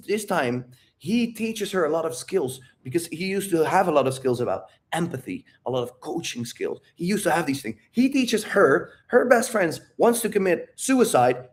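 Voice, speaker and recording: A man who is not a native English speaker, hosting a live Q&A stream and talking energetically with plenty of swearing. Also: on the high side. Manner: energetic, profane, rambling. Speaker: livestream Q&A host. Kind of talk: live unscripted monologue to chat.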